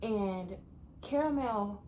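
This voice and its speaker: A young woman vlogger telling a story to her viewers in a chatty, animated way. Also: mid-range voice, slow pace, a little hiss or hum. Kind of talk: story time vlog.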